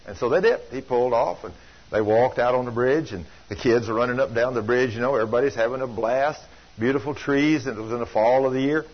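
An older man preaching a sermon, telling folksy stories that swing from loud to hushed. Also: mid-range voice, fast. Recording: dull lo-fi sound.

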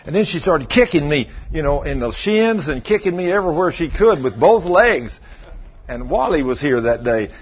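A middle-aged man, a pastor telling a story in a sermon and acting out the scene with shouted commands. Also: high voice, muffled recording.

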